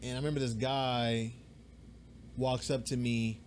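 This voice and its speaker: A young man co-hosting a podcast, telling a story in a rambling, animated way, swearing freely and acting out the voices of people he quotes. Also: mid-range voice, unhurried, long pauses, clear, resonant tone. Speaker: podcast co-host. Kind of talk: casual storytelling chat. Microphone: podcast mic.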